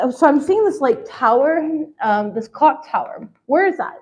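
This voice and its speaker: A woman's voice: sits high, lively intonation, unhurried, a little mellow, rough recording. A woman chatting casually as she gives a tarot reading, peppered with "like" and "you know". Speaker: tarot reader.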